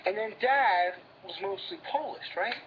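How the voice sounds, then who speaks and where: A man's voice: sits high, very animated, moderate pace, creaky, muffled recording, a little hiss or hum. A man with a Brooklyn New York accent, bantering casually with his brother as co-host, full of stammered restarts and blunt street talk.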